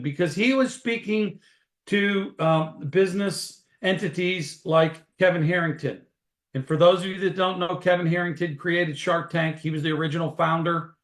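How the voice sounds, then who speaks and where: Folksy, upbeat man with a fairly high voice, webinar storyteller in an echoey room. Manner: energetic, folksy, animated storyteller. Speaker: network marketing distributor leading a webinar.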